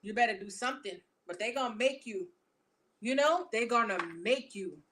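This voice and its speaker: A woman reading tarot cards for her viewers in a casual, animated, profane and chatty way. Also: on the high side, normal speed, heavy background noise. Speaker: tarot reader.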